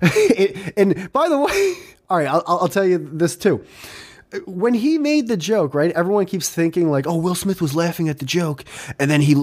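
A young man hosting a podcast, chatting casually in a rambling, animated way, swearing and laughing often. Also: on the high side. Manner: rambling, animated, swears a lot, laughs often, does mocking voices in quotes. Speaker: podcast host.

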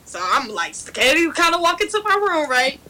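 A young woman telling a story in casual chat, animated and laughing, loudly acting out what others said. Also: high voice, normal speed, poor audio.

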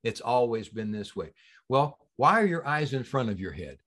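Male podcast guest, healing practitioner, emphatic storyteller, swings loud to soft, mid-pitched. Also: big pitch swings, normal speed. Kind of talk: casual interview talk.

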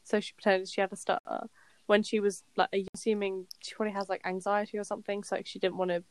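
A woman's voice: mid-range voice, little pitch movement, fast talker, dry recording. A young woman co-hosting a casual chat, reasoning through a point in a thoughtful way. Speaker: podcast co-host. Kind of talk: casual chat reviewing a TV episode.

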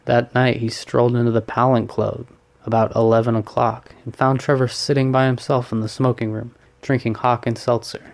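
A man narrating a classic short story in a steady, measured reading. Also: medium pitch. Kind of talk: audiobook reading.

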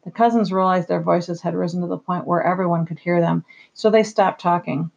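An audiobook narrator reading a story aloud in a steady, measured way. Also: mid-range voice, gravelly, dull audio.

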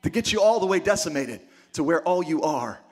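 A man preaching a sermon with lots of energy, dropping to quiet asides and then rising to shouted exclamations. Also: on the high side, lively intonation, fairly quick. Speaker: pastor.

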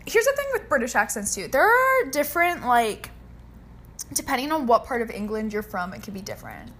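A woman's voice: a little high, very animated, fairly quick, a bit bright. A young woman co-hosting a casual podcast chat, giggly and playful as she tries out accents. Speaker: podcast co-host.

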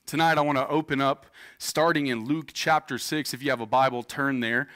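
A man's voice: mid-range voice, steady tone, fairly quick, pushed and bright. A man in his thirties, a pastor preaching a sermon in a casual, joking way, telling personal stories to a church congregation. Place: church stage before a congregation.

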